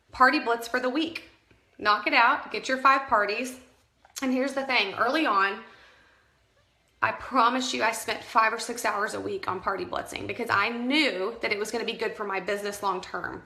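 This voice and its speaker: A woman's voice: a little high, sharp tone, echoey room. A woman coaching her sales team in a live stream, chatty and emphatic, often correcting herself mid-sentence. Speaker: direct sales team leader. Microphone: phone camera.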